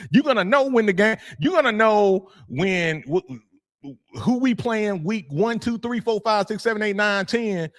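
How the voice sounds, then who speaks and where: An animated man in casual podcast talk, joking and laughing often as he makes his points. His delivery is loose and conversational, with plenty of casual swearing. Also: high voice, takes it slowly. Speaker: youth football coach and podcast host. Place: room with his degree on the wall.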